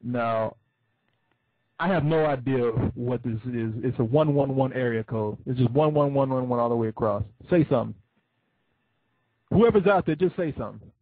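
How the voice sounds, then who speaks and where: A man hosting a call-in show, chatting casually with callers in an excitable, joking way. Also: medium pitch, normal speed, no echo, narrow, tinny audio.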